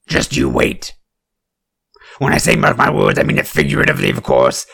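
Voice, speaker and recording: A man reading a political text in a sarcastic deadpan, breaking into mock-outraged asides. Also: vocal fry, slightly rough, no echo. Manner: deadpan reading broken by shrill outbursts. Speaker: satirical commentator.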